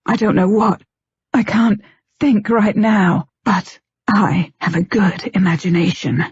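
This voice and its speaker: A woman's voice: mid-range voice, fairly even intonation, takes it slowly, darkish tone, slightly rough, no room sound. A woman voicing a proper, witty young lady with a teasing manner, in an audiobook. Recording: dull lo-fi, dry.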